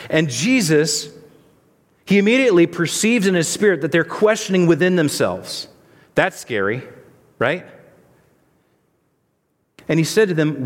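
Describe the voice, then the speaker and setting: A pastor with a slightly high voice delivers a sermon in a conversational style, posing rhetorical questions. He's in a large hall, and the recording carries its long reverb.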